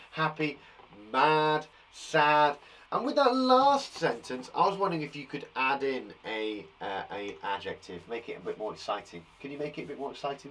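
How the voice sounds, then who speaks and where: A man with an English accent teaching a live online lesson to young children, lively and animated, acting out example sentences. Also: on the high side, recorded from a distance, poor audio. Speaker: primary school teacher.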